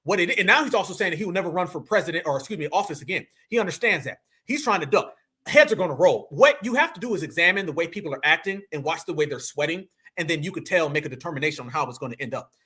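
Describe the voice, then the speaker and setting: A man hosting a reaction commentary, slangy and animated, talking straight to his viewers as family. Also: sits high, breathy edge. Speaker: commentary channel host.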